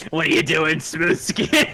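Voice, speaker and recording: A man's voice: on the high side, creaky, sharp tone, breathy edge, low-quality recording. A man running a tabletop game as its game master, chatting casually, swearing freely and laughing often.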